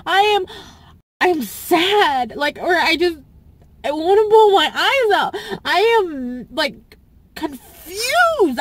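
A woman with a high voice talks straight to camera in a personal vlog. She is tearful and speaks slowly, stopping, restarting and repeating whole phrases as she goes. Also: lively intonation. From Southern US. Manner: halting, repeats herself, restarts often. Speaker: YouTuber.

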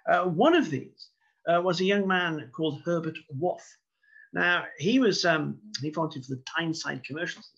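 Man, history lecture, measured storytelling, wry asides, husky voice, dull lo-fi sound. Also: on the high side, fairly bright tone. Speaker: local historian giving a talk. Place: indoors, online broadcast talk. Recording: dull lo-fi recording.

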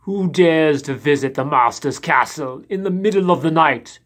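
Man doing a creaky crooked castle servant. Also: on the high side, a bit bright. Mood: sinister. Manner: slow and sinister. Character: crooked capital letter I, creepy castle servant.

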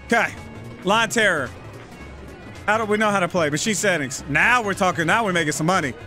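A man giving live gameplay commentary, exasperated and swearing, yelling at the game as he plays. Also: high voice, fairly quick, soft background music, low-quality recording. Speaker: gaming channel host.

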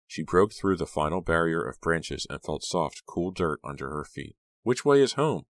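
A man narrating a horror audiobook in a steady, measured way. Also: rumbling low, no echo, studio quality.

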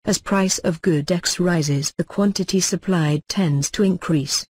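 A man reading economics lecture notes aloud as a lecturer, in a measured, formal textbook delivery. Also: high voice, breathy edge, dry recording.

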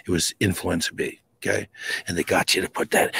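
A man's voice: deep voice, fairly even intonation, moderate pace, vocal fry, slightly rough. A man talking as a guest in a casual, rambling chat, emphatic and full of restarts. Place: home near the Charles River.

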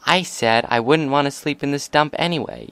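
A man's voice: mid-range voice, moderate pace, vocal fry, clear, resonant tone, no echo, pitched above the performer's own voice. A man reading aloud and voicing a brash, hot-headed young female pegasus pony. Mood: scornful. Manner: brash, confrontational, loud.

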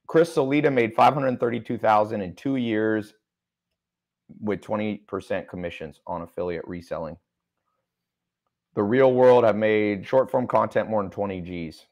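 A man's voice: fairly low pitch, darkish tone. A man hosting a livestream, reading viewer comments and talking loosely with jokes. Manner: loose, joking, reads chat comments aloud. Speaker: online business mentor. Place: studio with a sound engineer.

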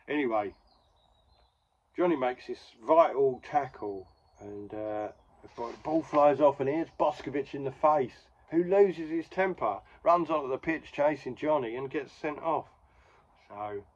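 A man chats his way through an old comic story, rambling along with wry asides. His voice sits at a middling pitch. The recording sounds muffled and lo-fi. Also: animated, moderate pace. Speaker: podcast host. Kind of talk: casual comic-book recap.

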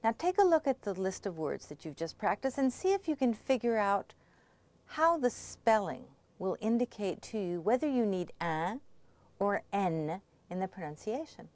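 A woman language instructor giving a scripted pronunciation lesson, explaining patiently and clearly and checking in often. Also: medium pitch, sing-song, moderate pace, a little mellow, no room sound.

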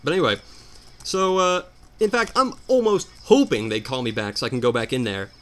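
A man doing casual gameplay commentary, telling a story as an animated, exasperated rant. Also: medium pitch, fairly quick. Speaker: let's player.

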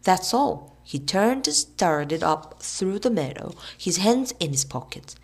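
A woman reading a children's novel aloud in an expressive, lively way. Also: fairly low pitch, a little slow, breathy edge. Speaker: storybook reader.

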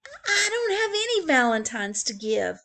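A woman's voice: big pitch swings, measured pace, gravelly, sharp tone, full character voice. Woman voicing an eager young turtle boy. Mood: upset. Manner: high, earnest, childlike.

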